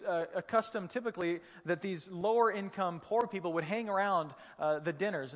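A man preaching a sermon, a pastor telling the story in a casual, humorous way with vivid detail. His voice sits high for a man. The sound rings with the long reverb of a big hall.

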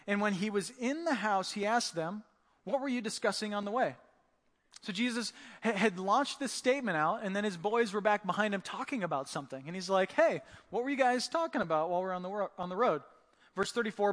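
A man preaching a sermon in a conversational, animated way, acting out voices as he tells the story. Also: high voice. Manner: conversational, animated, acts out voices of the disciples and Jesus. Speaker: pastor. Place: church. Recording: church hall reverb.

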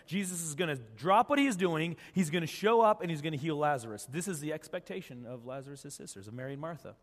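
A man's voice: on the high side, fast, few pauses, in a large hall. A man preaching a sermon as pastor, telling the story casually and acting out the quoted voices of the people in it.

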